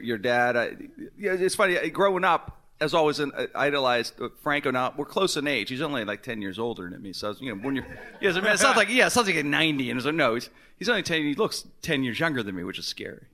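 Bright, excitable male talk show host. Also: mid-range voice, fairly quick. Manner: excitable, stammering restarts, laughs often. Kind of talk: live comedy talk show banter.

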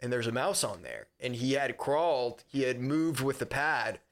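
A man's voice: medium pitch, lively intonation, normal speed. A man with an ordinary mid-range voice tells a story on a podcast. He rambles along loosely and curses casually. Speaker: podcast co-host.

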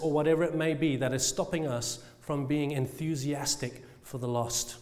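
A British man preaching a sermon with passion, asking rhetorical questions and drawing out key phrases slowly for emphasis. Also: fairly high pitch, fairly even intonation, darkish tone, in a large hall.

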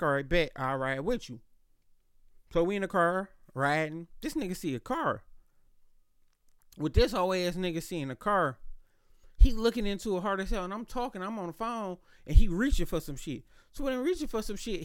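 A podcast host telling a casual story in a loud, animated, slangy way, with plenty of cursing. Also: male voice, high voice, clear, resonant tone, no echo, studio quality.

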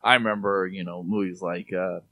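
A man's voice: low voice, fairly even intonation, a little fast, pushed and bright. A man in his forties, co-hosting a podcast, chatting casually about movies in a rambling way with many restarts. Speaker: podcast co-host.

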